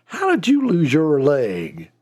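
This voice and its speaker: A man's voice: fairly high pitch, huge pitch swings, slow, darkish tone, heavily acted. A man voicing a sympathetic man at a bar, who asks courteous, concerned questions in a told joke.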